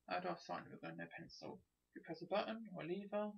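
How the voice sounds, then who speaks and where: A gamer giving chatty, excitable let's play commentary, thinking aloud as they explore. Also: mid-range voice, quick pace, vocal fry, hardly any pauses, husky. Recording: dull lo-fi recording.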